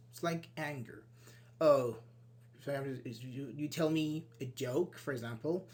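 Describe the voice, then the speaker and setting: A man giving an online English grammar lesson, explaining step by step and acting out short sample dialogues. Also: normal speed. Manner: explains with many "for example"s and acted-out sample dialogues; lively, switches pitch when voicing example sentences. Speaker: English teacher.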